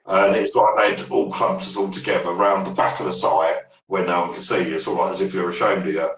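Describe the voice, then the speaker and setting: A paranormal investigator guest tells ghost stories in a rambling podcast chat, trailing off and starting over. His deep voice is a bit bright, brisk, and shows little pitch movement, recorded far from the mic in an echoey room.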